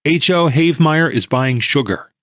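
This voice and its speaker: A man voicing an excited, pushy male stock tipster in an audiobook, insistent and raising his voice. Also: on the high side, moderate pace, no echo, clean studio sound, lightly acted. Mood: eager, insistent. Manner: insistent, eager, raised voice. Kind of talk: audiobook character reading.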